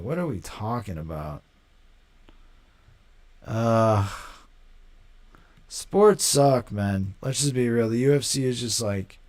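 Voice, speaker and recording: A young man hosting a casual live stream, talking in a slangy, rambling way and quick to mock. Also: mid-range voice, darkish tone. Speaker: livestream host.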